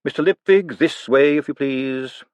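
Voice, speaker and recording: A man voicing a cold, dry, menacing aristocratic male tyrant, speaking slowly and precisely. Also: medium pitch, smooth, no echo, voice pushed up, natural voice. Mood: cool menace. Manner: slow, measured, precise and icy.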